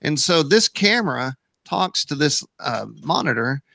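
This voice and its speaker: Gravelly jokey man chatting. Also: fairly high pitch, big pitch swings, a little slow, sharp tone, no echo. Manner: jokey, rambling storyteller. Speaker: co-host. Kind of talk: casual chat.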